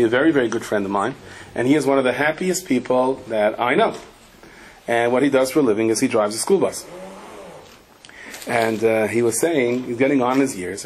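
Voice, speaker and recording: Rabbi telling lively anecdotes. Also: male voice, medium pitch, fairly quick. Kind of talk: Torah class.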